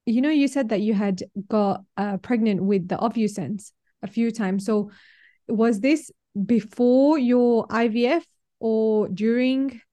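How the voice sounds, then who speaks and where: A woman hosting a podcast, asking her guest questions in a soft, gentle way. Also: a little high, unhurried. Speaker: podcast host.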